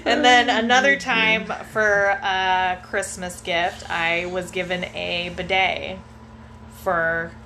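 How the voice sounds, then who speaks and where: A woman's voice: lowish voice, steady tone, slow pace, bright, forceful tone, a little hiss or hum. A woman chatting casually, giggling often and swearing offhandedly while she tells gift stories. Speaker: conversation partner, a parent. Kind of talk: casual chat.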